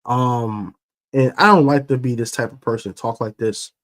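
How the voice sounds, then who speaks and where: A man hosting a fan sports show, ranting in a casual, slangy, animated way about his team. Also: mid-range voice, moderate pace. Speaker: sports podcast host. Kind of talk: casual fan commentary rant.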